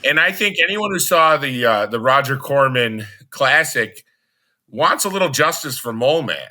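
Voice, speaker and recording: A man's voice: medium pitch, animated, moderate pace, pushed and bright. A man co-hosting a podcast in casual chat, playful and jokey. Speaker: podcast co-host.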